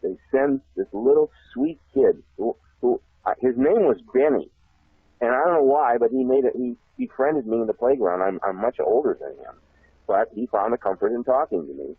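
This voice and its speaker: A man's voice: medium pitch, normal speed, breathy edge, no room sound. A man telling a long personal story as a guest in an interview, chuckling often and circling back on himself. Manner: laughs often, repeats himself, animated. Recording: tinny phone line, dry.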